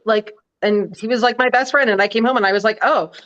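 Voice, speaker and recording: A woman from Massachusetts in a casual chat, chatty and quick with short affirming interjections. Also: fairly high pitch, fairly even intonation, a bit bright. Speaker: live chat panelist. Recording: slightly dull lo-fi audio.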